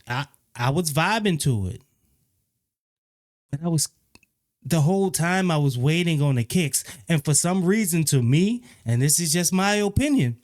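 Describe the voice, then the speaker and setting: A man giving a casual, opinionated spoken album review, often repeating himself and growing animated when he criticizes. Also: fairly high pitch. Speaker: music reviewer.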